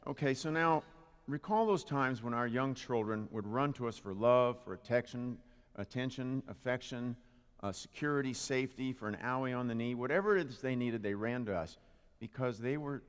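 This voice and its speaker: A man delivers a light-hearted sermon at a mid-range pitch, joking with the listeners and pulling them into the talk. His microphone voice rings out with a long hall reverb around it. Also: normal speed, clear, resonant tone. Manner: playful, jokey, engages the audience. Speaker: spiritual practitioner giving a talk. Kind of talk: humorous Father's Day sermon. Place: congregation hall with live audience. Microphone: handheld or stand microphone.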